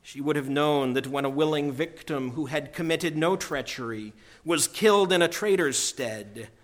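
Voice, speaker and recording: A man reading aloud and voicing a great, solemn lion king in a low, slow voice. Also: fairly bright tone, lightly acted. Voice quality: deep and slow.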